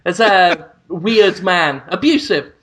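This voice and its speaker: A man's voice: high voice, fairly bright tone. A man co-hosting a podcast in casual comedic chat, profane and mocking. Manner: profane, mocking, quick to joke. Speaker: podcast co-host.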